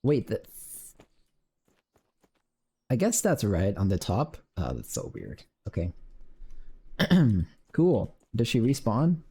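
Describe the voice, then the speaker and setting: A man's voice: lowish voice, huge pitch swings, measured pace, creaky, long pauses, warm tone, husky. A man streaming his game development, muttering to himself while coding and cursing when things break. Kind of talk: casual live-coding commentary.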